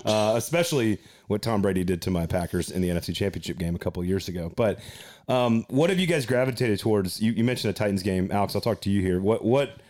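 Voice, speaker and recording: A man's voice: fairly low pitch, animated, fast, a little mellow. A man hosting a podcast, chatting casually in a self-deprecating, rambling way. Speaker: podcast host.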